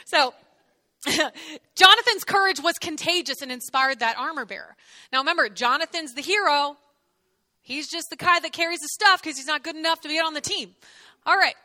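A woman giving a lively, joking Bible teaching, acting out the people in the story as she goes. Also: sits high, normal speed, pauses often, no room sound. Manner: lively, jokey, acts out the characters.

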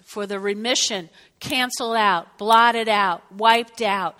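Animated woman preaching in a reverberant hall. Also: mid-range voice, takes it slowly. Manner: animated, sudden whoops and drops to a hush. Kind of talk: sermon.

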